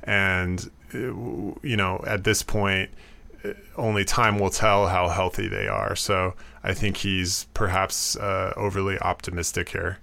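A man giving explanatory commentary, talking in a thoughtful, halting way with frequent fillers and restarts. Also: low voice, level tone, vocal fry, bright, forceful tone.

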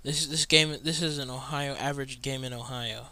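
A young man reacting live to a football game he is watching, muttering and exasperated, with sudden loud outbursts. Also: mid-range voice, steady tone, fairly quick. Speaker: sports fan watching a game.

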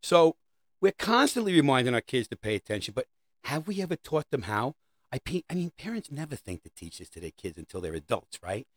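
A man's voice: medium pitch, sing-song, fairly quick. A middle-aged man delivering a rambling, sarcastic comedic monologue about parenting. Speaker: comedic host.

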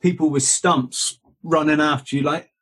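A man's voice: a little high, fairly even intonation, normal speed, a bit bright, husky. A man, a guest and author, telling rambling stories full of asides and self-corrections. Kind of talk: rambling anecdotal storytelling.

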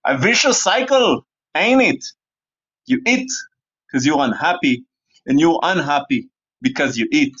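A man's voice: a little high, expressive, measured pace, long pauses, a bit bright, husky, dull audio. A man hosting a podcast, giving a playful, rambling comic monologue in the style of a sermon. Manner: rambling and playful, slips into joke accents. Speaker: podcast host.

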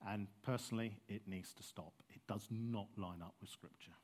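A man's voice: lowish voice, fairly even intonation, normal speed, darkish tone. A man preaching a sermon in a passionate, conversational way, with frank asides to his listeners.

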